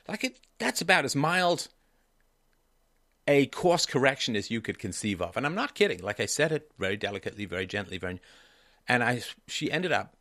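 A man's voice: medium pitch, sing-song, brisk, a bit bright, dry recording, clean studio sound. A man hosting a call-in advice show, talking emphatically and repeating key phrases for stress.

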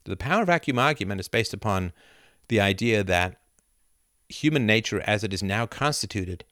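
A middle-aged man hosting a live video chat, reading viewer comments aloud and riffing with animated laughter. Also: fairly low pitch, normal speed, dry recording, clean studio sound. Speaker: livestream host answering chat. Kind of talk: casual live-stream chat. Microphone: camera and mic on a live video chat.

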